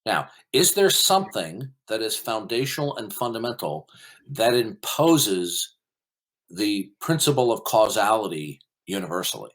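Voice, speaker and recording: A man with a somewhat low voice runs a heated online debate, cutting in and hammering the same question again and again. He lectures with emphatic stress on key words and dismisses the other side sharply. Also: very animated, measured pace, fairly bright tone. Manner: combative, interrupting, repeats questions insistently. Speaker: debate host.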